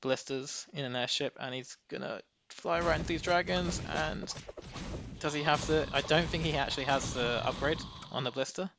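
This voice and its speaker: A man's voice: on the high side, normal speed, gravelly. Casual male game caster, noisy recording. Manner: casual, chatty play-by-play. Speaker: game commentator. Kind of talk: live esports commentary. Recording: steady background noise.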